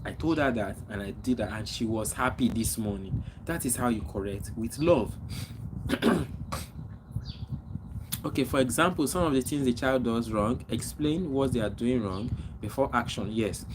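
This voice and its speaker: A man from Nigeria with a Nigerian accent hosts a casual livestream, answering viewers' comments and giving repetitive, preachy advice, coughing and clearing his throat often. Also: medium pitch, moderate pace, noisy background. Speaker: livestream host.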